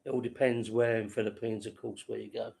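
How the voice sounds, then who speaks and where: A man's voice: lowish voice, little pitch movement, a little fast, vocal fry, darkish tone. A man hosting a casual late-night livestream, rambling to viewers by name and laughing at his own stories. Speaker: livestream host.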